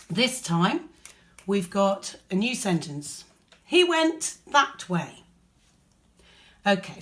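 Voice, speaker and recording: A woman teacher with an English accent, explaining a lesson patiently step by step. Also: mid-range voice. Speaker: primary school teacher.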